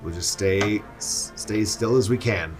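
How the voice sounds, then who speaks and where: A man playing a tabletop game, joking and talking in halting bursts. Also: on the low side, music in the background. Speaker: player. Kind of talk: casual tabletop game chat.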